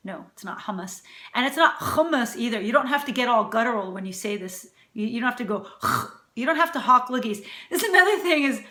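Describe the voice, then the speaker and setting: A woman's voice: a little high, animated, quick pace, pushed and bright. A woman cooking-channel host in her thirties or forties chatting casually and playfully, repeating words to demonstrate how to say them. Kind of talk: casual talk to camera. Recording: echoey room.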